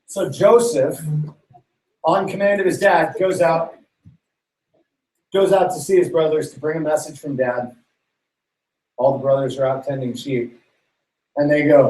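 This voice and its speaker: A man's voice: on the high side, steady tone, measured pace, long pauses, darkish tone, reverberant, recorded from a distance, rough recording. A man preaching to young people in a casual, slangy way, retelling a story and acting out its characters. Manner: slangy, playful, acts out characters' voices. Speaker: youth pastor.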